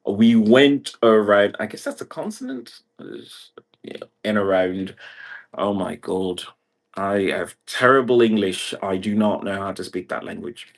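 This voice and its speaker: Male streamer from Brazil, low voice, very slow filler-heavy rambling monologue. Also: lively intonation, creaky. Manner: meandering, filler-heavy, 'like' in nearly every phrase. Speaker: livestreamer. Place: indoor room.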